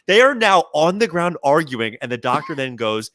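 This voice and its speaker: A man's voice: mid-range voice, brisk, hardly any pauses, no room sound. A man co-hosting a comedy podcast, telling news stories in casual chat and acting out the quotes. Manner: animated storyteller, acts out quotes. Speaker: podcast co-host.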